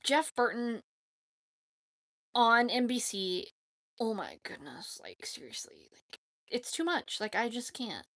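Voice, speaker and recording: A woman's voice: fairly high pitch, big pitch swings, slow, pauses often, fairly bright tone. A woman chatting casually on a live stream, rambling and emphatic, often adding "like, seriously.". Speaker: YouTube streamer answering chat.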